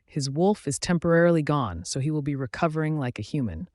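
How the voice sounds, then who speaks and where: A man voicing a male werewolf pack doctor who delivers bad news in a calm, clinical way. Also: on the high side, fairly quick, no echo, clean studio sound, close to an everyday voice. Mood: grave.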